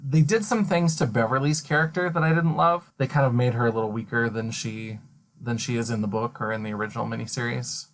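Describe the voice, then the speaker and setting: A podcast host in relaxed conversation, talking at a middle pitch. The delivery is measured and thoughtful, weighing each point before moving on. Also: rough recording. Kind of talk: casual chat.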